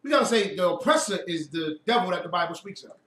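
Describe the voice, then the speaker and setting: A man's voice: high voice, animated, fast talker, a bit bright. A man giving a heated lecture to a group, preachy and mocking, firing off rhetorical questions. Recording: echoey room, mic far off, faint noise.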